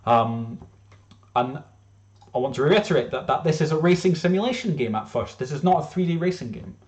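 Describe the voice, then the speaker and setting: A man's voice: a little high, expressive, brisk. A man presenting his own game casually, rambling with lots of fillers and restarts.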